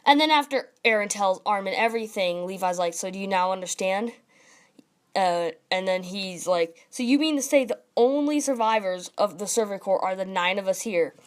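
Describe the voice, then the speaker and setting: A young woman giving a casual, excited review with lots of fillers and rambling asides. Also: mid-range voice, normal speed. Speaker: manga reviewer.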